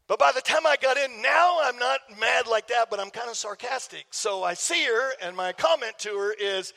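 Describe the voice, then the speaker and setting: High-voiced animated pastor preaching. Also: male voice, normal speed, creaky, few pauses. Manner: animated storytelling with jokes to the congregation. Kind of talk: sermon. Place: church sanctuary. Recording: long hall reverb.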